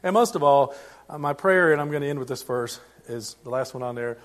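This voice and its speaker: A middle-aged man preaching a sermon as pastor, in a conversational way with frequent restarts and swings in loudness. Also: mid-range voice, a little fast.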